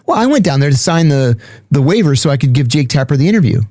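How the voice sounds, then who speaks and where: A man's voice: fairly high pitch, big pitch swings, quick pace, dark tone, dry recording, clean studio sound. A man speaking as a guest, telling a story in a blunt, profane, matter-of-fact way. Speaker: podcast guest. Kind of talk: casual storytelling.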